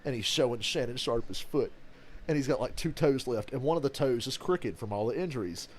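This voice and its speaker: A man's voice: medium pitch, fairly quick, slight background noise. A man hosting a live game reaction stream, chatting casually and profanely about football, acting out quotes and laughing often. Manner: animated storyteller, acts out quotes and laughs a lot. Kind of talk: casual profane sports chat.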